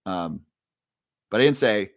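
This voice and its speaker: A man's voice: fairly low pitch, lively intonation, unhurried, no room sound, studio quality. A man hosting a casual livestream, telling a story in a chatty way and repeating key phrases. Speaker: livestream host.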